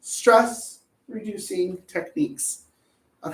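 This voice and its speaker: A woman's voice: mid-range voice, a little slow. A woman giving a casual talk on parenting. She is chatty and jokey, and she acts out little voices as she goes. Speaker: parenting educator. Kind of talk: casual presentation. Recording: echoey room, voice from a distance.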